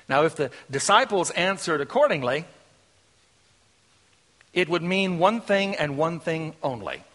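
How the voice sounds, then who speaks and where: A man preaching a sermon, shifting between hushed, intimate lines and loud, emphatic declarations. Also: on the high side.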